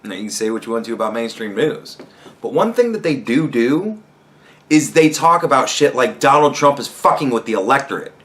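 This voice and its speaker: A young man hosting a podcast, ranting heatedly with constant swearing and rising to shouts. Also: medium pitch, expressive, fairly quick. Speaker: podcast host. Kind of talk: profane rant commentary.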